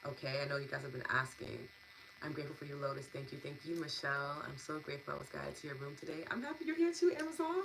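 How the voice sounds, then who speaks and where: A woman's voice: very deep voice, little pitch movement, quick pace, vocal fry, noisy background. A woman hosting a live EFT and meditation stream. She thanks viewers by name, laughs often and gushes as she reads their comments. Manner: warm, gushing, laughs often, lots of fillers. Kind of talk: live-stream wrap-up, reading chat comments.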